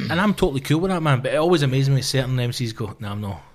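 A man's voice: mid-range voice, quick pace. A Glaswegian man, a comedian, chatting casually and telling gig stories full of swearing and acted-out voices. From Scotland. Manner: swears a lot, acts out voices in anecdotes. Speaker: comedian guest. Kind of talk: casual podcast chat.

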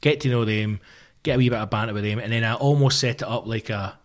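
A man in his thirties with a Glaswegian accent, a comedian swearing his way through an animated anecdote in casual podcast chat. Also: on the low side, quick pace. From Scotland. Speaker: stand-up comedian guest.

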